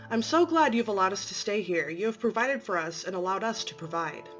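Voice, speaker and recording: A woman's voice: mid-range voice, expressive, a little fast, a bit bright, faint music behind, natural voice. A woman voicing a grateful, devoted anomalous being who provides for its family, talking effusively and emotionally. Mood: gushing.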